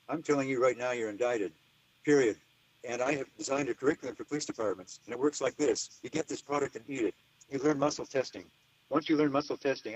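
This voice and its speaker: Older guy rambling on in an interview, emphatic, mid-pitched voice. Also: no echo, rough recording. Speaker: interview guest. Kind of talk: casual interview talk.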